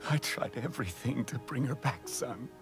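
A man voicing a grieving father in an animated film, speaking low and hushed as he confesses to his son. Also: normal speed, close to an everyday voice. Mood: remorseful. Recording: film audio under music, distant.

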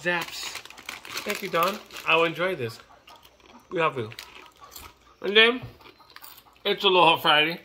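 Man with a Hawaiian Pidgin accent, middle-aged, playful and excitable, bright forceful voice, faint background noise. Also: on the high side, slow, pauses often. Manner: playful, excitable, breaks into shouts and laughs. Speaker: vlogger. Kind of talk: casual vlog. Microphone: camera held by his daughter.

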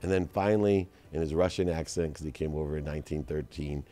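A middle-aged man, a guest entrepreneur, telling stories in a casual podcast conversation and slowing down to stress advice. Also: extremely low pitch, dark tone. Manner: storytelling, slows down to stress advice.

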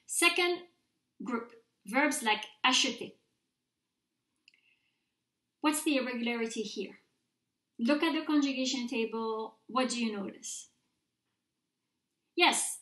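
A woman teaching a recorded grammar mini-lecture, speaking clearly and patiently and repeating words slowly for students to copy. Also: high-pitched, fairly bright tone. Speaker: French teacher. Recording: roomy echo.

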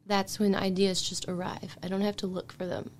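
A woman with a Canadian accent chats as a guest on a casual podcast, musing openly about her songwriting. Her voice sits in a middle pitch, and she drifts between thoughtful asides and light laughter. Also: flat delivery, moderate pace. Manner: chatty and reflective, with frequent light laughs.

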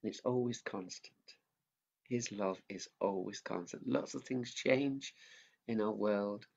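A man, gently giving a children's sermon talk as a pastor. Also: lowish voice, measured pace, vocal fry. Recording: dull lo-fi sound.

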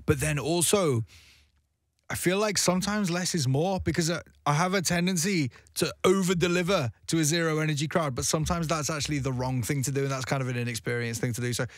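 A man's voice: fairly high pitch, fairly quick, no echo. A young man talking casually as a guest DJ in a radio studio interview, chatty and self-deprecating, with frequent restarts.

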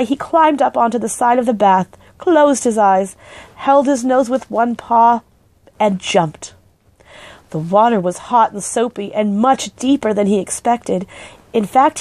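A woman gently and expressively reading a children's book aloud. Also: fairly high pitch, dry recording. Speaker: storybook reader.

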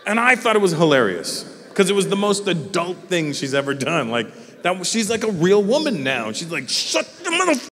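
A man doing a stand-up routine, telling a story with swearing and acting out other people in squeaky voices. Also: big pitch swings, normal speed, fairly bright tone, a little hiss or hum. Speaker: stand-up comedian. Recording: live theatre with long reverb.

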